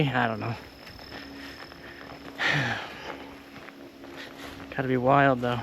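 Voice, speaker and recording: A man's voice: medium pitch, little pitch movement, very slow, gravelly, long pauses, a bit bright, a little hiss or hum. A young man vlogging casually while hiking outdoors on a rural trail, rambling and easily delighted, talking into a handheld camera. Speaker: thru-hiker vlogger.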